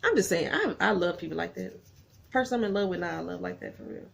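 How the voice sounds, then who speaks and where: Gravelly-voiced woman chatting to viewers. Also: lowish voice, quick pace. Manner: animated, gets emotional and laughs often; folksy, talks straight to viewers. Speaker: vlogger recapping a TV episode. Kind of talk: casual chatty recap.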